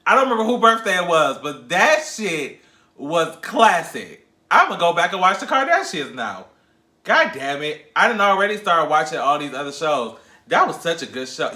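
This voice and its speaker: A man's voice: on the high side, moderate pace. Sassy gossiping man in an echoey room. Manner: sassy, gossipy, animated, laughs often. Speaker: podcast host. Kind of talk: casual pop-culture commentary.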